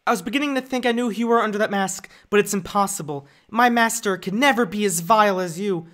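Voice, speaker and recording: A man's voice: sits high, fast talker, a bit bright, voice pushed up. A man doing Ahsoka, a bold young Jedi woman. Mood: defiant. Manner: crisp, with heavy stress on the s sounds. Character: young female Jedi warrior, bold and defiant. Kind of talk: voice impression on a live stream.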